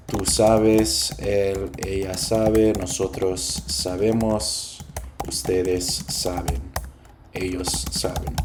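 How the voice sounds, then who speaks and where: A man teaching beginner Spanish in English, patiently explaining words and grammar with the odd filler and throat clearing. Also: fairly low pitch, darkish tone, slight background noise. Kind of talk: explaining a listening exercise.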